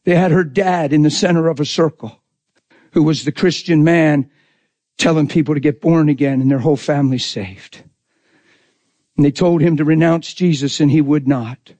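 A man's voice: fairly high pitch, normal speed, warm tone, no echo. A man preaching a sermon in an intense, conversational way, acting out quotes as he goes.

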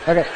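A man with a Texan accent preaching a folksy, joking sermon, often clearing his throat. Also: background noise.

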